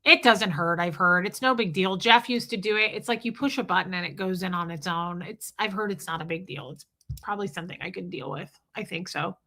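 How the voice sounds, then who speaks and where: A woman's voice: lowish voice, a little fast, bright, forceful tone. A woman hosting a live stream in casual chat, rambling and greeting viewers between her thoughts.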